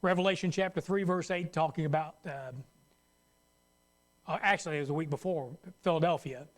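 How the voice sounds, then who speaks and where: A man's voice: on the high side, brisk. A man preaching a sermon as pastor, talking conversationally and acting out worried voices. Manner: conversational, acts out worried voices, laughs at own jokes.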